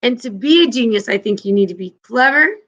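A woman's voice: a little high, animated, fairly quick, a bit bright, muffled recording. A woman teacher leading an online class, upbeat and encouraging with her students.

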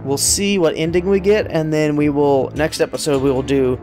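A man's voice: a little high, steady tone, normal speed, over music. Rambling male gameplay commentator. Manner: rambling, joking, talks to game characters. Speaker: let's play host.

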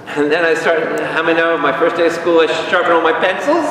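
A man teaching a Bible study as a priest, lively and questioning the audience, acting out little dialogues. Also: a little high, normal speed. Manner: animated, asks the audience questions and acts out dialogues. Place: large hall with an audience. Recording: echoey hall, far from the mic, faint room noise.

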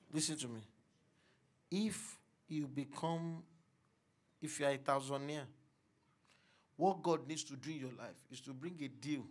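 A man, a pastor leading a church congregation in fervent, repetitive prayer. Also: on the high side. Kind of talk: sermon prayer session. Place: church hall.

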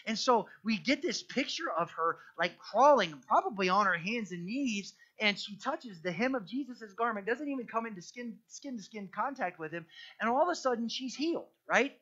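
Bright-voiced pastor, lively and chatty. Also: male voice, sits high, normal speed, muffled recording. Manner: lively, conversational, jokey storytelling with many restarts. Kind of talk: sermon. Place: church.

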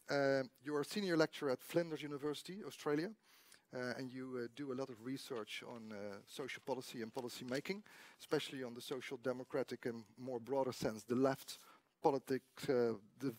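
A man whose first language is Dutch, moderating a panel and formally introducing guests with many halting fillers. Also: mid-range voice, no echo. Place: public debate hall.

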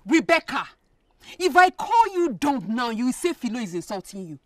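A woman's voice: high-pitched, sing-song, moderate pace, no echo. An actress with a Nigerian accent playing a defiant wife who talks rudely and insults those around her. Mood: scornful. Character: defiant young wife scorning her husband. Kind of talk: Nollywood film acting.

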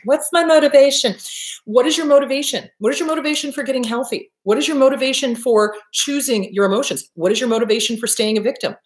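Woman therapist-host, brash and emphatic, lively high voice, roomy echo. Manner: blunt, emphatic, swears freely, acts out quotes. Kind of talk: direct self-help talk to camera.

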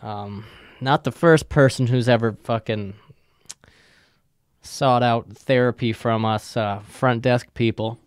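A man's voice: medium pitch, steady tone, slow, smooth, no room sound, studio quality. A young man hosting a podcast, telling a rambling story from work, swearing often and trailing off with ums. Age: young adult. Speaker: podcast host. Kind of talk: casual storytelling.

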